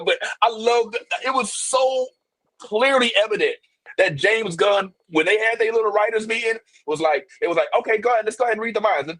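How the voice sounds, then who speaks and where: A man from Saint Louis co-hosting a podcast, telling lively stories with asides in a casual movie chat. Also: very high voice, dry recording. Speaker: podcast co-host.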